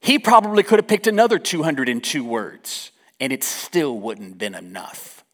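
Lively preacher man, animated. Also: mid-range voice, moderate pace. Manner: lively, joking asides between scripture reading. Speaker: pastor. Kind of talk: sermon.

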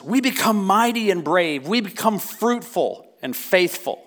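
A man's voice: sits high, very animated, a little slow, few pauses, fairly bright tone. A man preaching a sermon, impassioned and building repeatedly to emphatic peaks. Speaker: pastor.

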